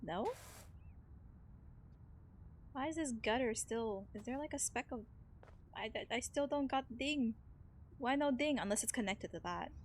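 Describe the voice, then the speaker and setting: A woman's voice: a little high, expressive, a little slow, pauses often, slight background noise. A woman chatting casually with her stream while she plays a game. She rambles, giggles often and fills her talk with "like" and "you know," speaking into a desk microphone at home. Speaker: live streamer playing a cleaning game.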